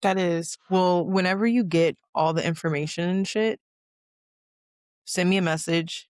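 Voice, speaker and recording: A woman's voice: fairly low pitch, a little slow, a little mellow, dry recording, clean studio sound. A woman hosting a casual chat, emphatic and outspoken, profane, repeating words for stress. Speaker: podcast host.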